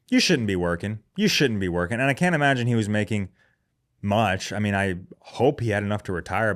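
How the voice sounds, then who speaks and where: A man hosting a podcast in a casual comedic monologue, profane, sarcastic and self-deprecating. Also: lowish voice. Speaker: podcast host.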